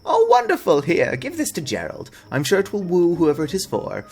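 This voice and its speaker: Brief: fussy old lady gardener NPC, chirpy and shrill, voiced by a man. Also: brisk, creaky, breathy edge, faint music behind, heavily acted. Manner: high, chirpy and excitable. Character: cheerful old woman gardener, eager and fussy.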